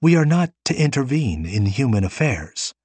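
A man voicing an even, composed young male stranger from another world in an audiobook reading. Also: medium pitch, moderate pace, breathy edge, no room sound, voice pushed up.

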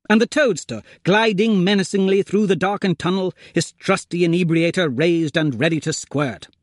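Man, storybook narrator, comic first-person tale, plummy manner, fairly high, very animated, dry close sound. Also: no echo. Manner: plummy, gentlemanly turns of phrase. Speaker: audiobook narrator.

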